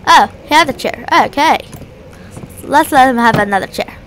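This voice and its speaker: A woman's voice: fairly high pitch, moderate pace, noisy background. A woman giving playful, jokey let's play commentary, talking to the objects in the game. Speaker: gamer.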